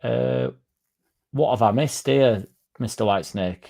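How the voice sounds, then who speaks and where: A man hosting a fan livestream, rambling through deadpan jokes and chatting to the chat. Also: mid-range voice, measured pace, creaky. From Leeds, England. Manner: rambling deadpan joking, dropped articles. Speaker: fan channel livestream host. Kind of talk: casual livestream chat reading the chat.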